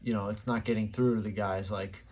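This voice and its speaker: A man's voice: fairly low pitch, fairly even intonation, a little fast, darkish tone. A man hosting his channel, talking casually to camera and rambling as he muses aloud, with plenty of fillers. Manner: rambling, musing, many fillers. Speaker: channel host.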